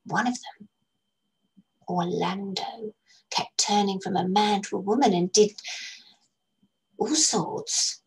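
A woman's voice: fairly high pitch, expressive, fairly quick, few pauses, darkish tone, pitched above the performer's own voice, lightly acted, low-quality recording. A woman playing a smug gossiping schoolgirl. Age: child.

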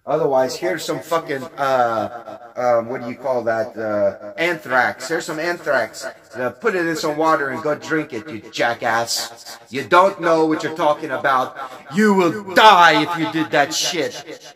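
A man preaching in a blunt, profane, combative rant, hammering home his points with repetition. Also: on the high side. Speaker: religious teacher.

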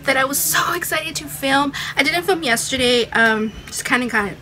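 A young woman chatting excitedly in a casual vlog at home, rambling with restarts. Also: sits high, moderate pace, rough recording. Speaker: beauty and fashion vlogger.

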